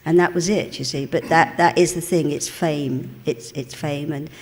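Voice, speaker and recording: An older woman with an East End London accent, a guest in a live stage interview, telling chatty, animated stories and often laughing. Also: low voice, moderate pace. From England. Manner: chatty, animated storyteller, laughs often, calls people darling. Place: cinema auditorium with a live audience. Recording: long hall reverb.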